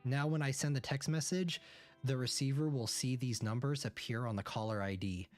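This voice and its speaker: A man of middle pitch reads a visual novel aloud in first person, stopping now and then to react. Faint music plays under his voice. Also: steady tone, a little mellow. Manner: narrates in first person, breaks off for quick reactions. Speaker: streamer.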